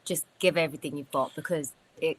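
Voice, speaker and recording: A woman guest speaking in a steady, motivational way during a casual interview over a video call. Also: deep voice, a little fast, breathy edge, poor audio. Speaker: guest, award winner.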